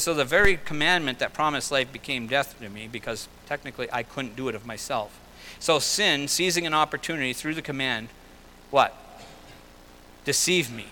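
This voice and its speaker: A middle-aged man preaching a sermon, paraphrasing scripture in a conversational way and swinging between loud emphasis and quiet asides. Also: on the high side, slight background noise, poor audio. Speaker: pastor.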